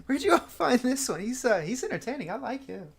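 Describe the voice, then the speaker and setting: A man doing a loud, chuckling tavern character with a much higher, gravelly voice. He sounds amused and boisterous. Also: sing-song, fairly quick, exaggerated voice.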